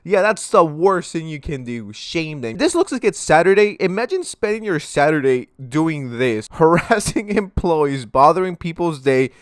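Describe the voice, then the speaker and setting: A man's voice: on the high side, very animated, moderate pace, hardly any pauses, no echo, clean studio sound. Sarcastic young man ranting in his room. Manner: sarcastic, ranting, swears freely. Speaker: commentary YouTuber. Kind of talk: reaction commentary vlog.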